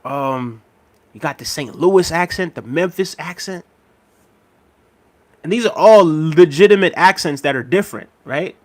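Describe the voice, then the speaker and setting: A man's voice: on the high side, measured pace, pauses often. A man streaming live in a casual chat, rambling, laughing often and talking straight to his viewers. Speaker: livestreamer. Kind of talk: casual livestream chat, reading out chat.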